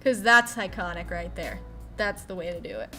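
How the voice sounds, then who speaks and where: A woman's voice: on the low side, big pitch swings, moderate pace, sharp tone, faint music behind. A woman from Ohio with a Midwestern American accent, chatting casually on a live game stream, reading viewer questions and swearing now and then. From Ohio, USA. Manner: chatty, playful, swears casually, squeals at pets. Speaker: Twitch streamer.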